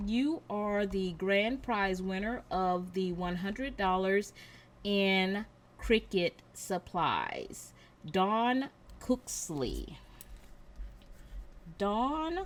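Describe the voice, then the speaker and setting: A woman hosting a craft channel, announcing giveaway winners to her viewers and reading out names and numbers slowly and carefully. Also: mid-range voice.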